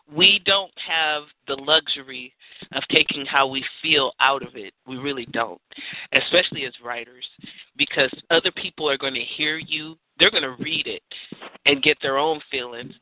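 A woman with a cold, chatting on an online radio show and telling stories with emphatic, animated energy. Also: deep voice, no room sound. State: has a cold. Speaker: poet and radio show guest. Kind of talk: casual chat. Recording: tinny phone line.

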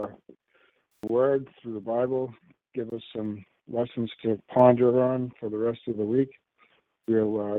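A man's voice: medium pitch, no echo. Man introducing a show over a phone line. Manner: easygoing, with fillers. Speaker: show host. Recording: tinny phone-line sound.

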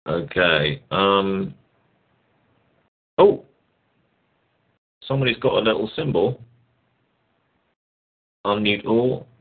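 A man's voice: lowish voice, lively intonation, slow, pauses often. A man hosting a casual test call, joking and muttering to himself as he checks settings. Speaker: show host. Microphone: online call over landline. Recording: tinny phone-like line.

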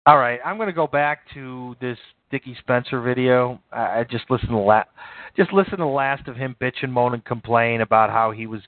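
A man's voice: medium pitch, fairly quick, dry recording. Blunt, profane male live-stream host. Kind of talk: casual reaction commentary. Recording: dry, tinny phone-like sound.

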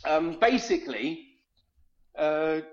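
A man from Germany with a German accent, explaining things at length in a calm, matter-of-fact way during a casual podcast chat. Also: fairly high pitch, takes it slowly, dull audio. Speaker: podcast guest.

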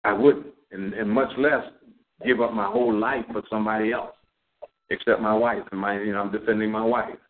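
A man preaching a Bible lesson on a community call, reading scripture slowly and deliberately. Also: fairly low pitch, steady tone. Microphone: call audio. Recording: narrow phone-line sound.

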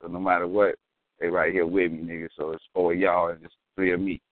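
A podcast co-host talks in a casual chat, slangy and emphatic, telling stories as he goes. His voice is low with little pitch movement and a fast pace, and the recording is dry and lo-fi, like a phone, with no echo.

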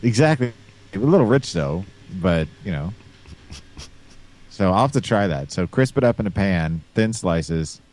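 Low, lively-voiced man asking questions. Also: a little slow. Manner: rambling, crude jokes, many fillers. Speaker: podcast co-host. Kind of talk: casual chat.

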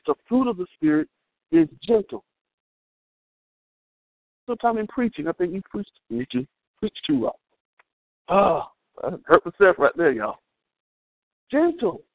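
A man preaching a sermon in an animated, humorous way, calling out to his congregation. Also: high voice, no room sound. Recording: thin phone-like sound, dry.

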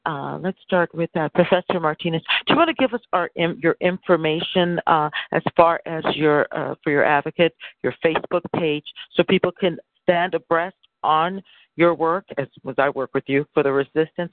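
A man hosting a call-in talk show, speaking haltingly with many fillers, over a tinny phone line. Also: fairly high pitch, no echo. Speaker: host.

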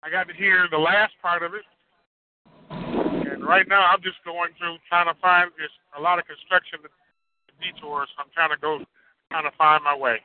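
A man calling in from his truck while driving, telling a rambling, halting story. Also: a little high, steady tone, a little hiss or hum. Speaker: caller. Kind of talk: casual phone comment. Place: truck on the road. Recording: tinny phone line from a moving truck.

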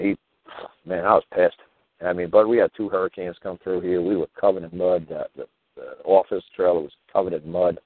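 A man's voice: low-pitched, no echo. A man hosting a show, telling rambling stories in a casual, profane way, peppered with "you know" and "man". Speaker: show host. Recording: tinny phone-line sound.

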